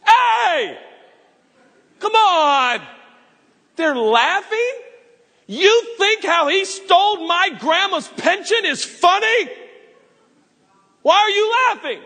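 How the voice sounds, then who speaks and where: A man voicing an indignant townsman, an adult male who shouts outraged questions. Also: very high voice, big pitch swings, a little slow, full character voice. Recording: echoey hall reverb.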